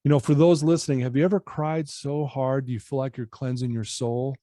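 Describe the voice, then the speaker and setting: A man in his fifties, a personal-development coach, telling a personal story to a podcast host in an earnest, animated way. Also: medium pitch, a little fast, dry recording, clean studio sound.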